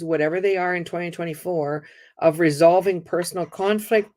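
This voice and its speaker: A woman hosting a community talk, telling lively personal stories and acting out the voices of the people in them. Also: fairly low pitch. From Canada. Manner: animated, laughing, acts out quoted voices. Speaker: host.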